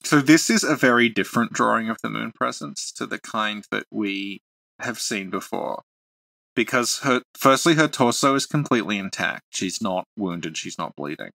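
Low gravelly man, bright and dry. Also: moderate pace, no echo. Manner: hesitant, full of fillers and restarts. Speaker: podcast co-host on game lore. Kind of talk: casual chat.

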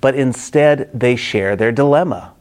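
A man's voice: mid-range voice, a little slow, a little mellow. A middle-aged man preaching a Bible-study sermon, acting out the quoted characters expressively.

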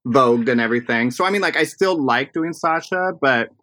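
A man who performs in drag, telling stories in a casual interview, animated and full of fillers. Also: medium pitch, fairly quick, no room sound. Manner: animated storytelling, chatty with fillers.

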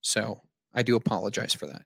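A man's voice: fairly low pitch, expressive, brisk, vocal fry, slightly rough, no room sound. A man hosting a live show, chatting loosely and joking while thanking his audience. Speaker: show host. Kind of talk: casual live-stream chat.

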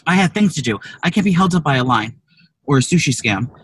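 A man's voice: a little high, lively intonation, fast, fairly bright tone, husky, rough recording. A man co-hosting a podcast in casual chat, telling a rambling, profane story full of restarts. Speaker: podcast co-host. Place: car.

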